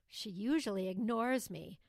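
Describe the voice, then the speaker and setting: A woman's voice: mid-range voice, expressive, a little slow, creaky, darkish tone, no echo, studio quality, voice pushed up. A woman voicing Lillian, a curious, earnest young girl who asks questions, in an audiobook reading.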